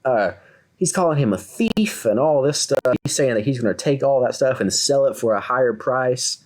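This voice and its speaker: A Kentucky man in his twenties co-hosts a podcast, telling a story casually at normal speed with a medium-pitched voice. He's animated and acts out the voices of the people he quotes.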